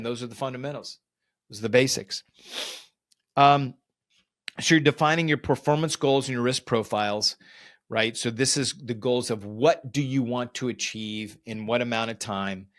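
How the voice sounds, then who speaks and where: A man hosting a podcast, walking listeners step by step through a process and recapping his points. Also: mid-range voice. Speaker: podcast host. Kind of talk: instructional podcast monologue.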